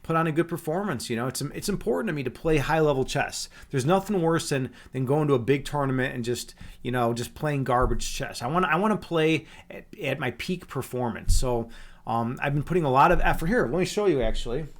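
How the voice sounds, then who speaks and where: A Chicago man hosts a livestream, joking and teasing with viewers in casual chat. His medium-pitched voice is animated and fairly quick, with many restarts and fillers.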